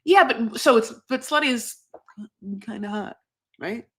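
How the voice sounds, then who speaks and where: A woman's voice: fairly high pitch, measured pace, a bit bright. A woman co-hosting a casual recap podcast, rambling and bawdy with lots of fillers. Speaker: podcast co-host.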